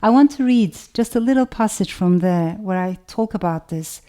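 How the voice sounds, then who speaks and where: A woman's voice: medium pitch, lively intonation, mellow. Reflective woman with a Turkish accent. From Turkey. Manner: thoughtful, measured, often says "you know". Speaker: author. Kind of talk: reflective talk to camera.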